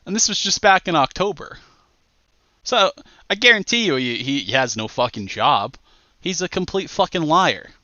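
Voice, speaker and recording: A man hosting a podcast, ranting loudly with heavy profanity and mockery. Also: on the high side, very animated, normal speed, no echo, muffled recording. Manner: loud, profane, mocking rant. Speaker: podcast host.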